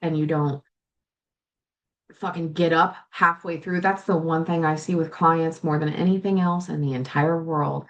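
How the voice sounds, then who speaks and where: A woman's voice: low-pitched, steady tone, a little slow, lo-fi sound. Blunt, profane woman coaching host. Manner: candid and profane, swears freely, talks straight to the listener. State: tearful at times. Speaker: life coach and podcast host. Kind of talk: solo podcast monologue.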